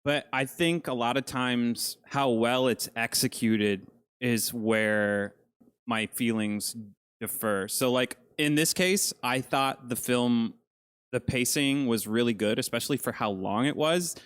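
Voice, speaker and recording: Male co-host, casual film chat, playful and enthusiastic, medium pitch. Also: unhurried, a bit bright, clean tone. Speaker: podcast co-host.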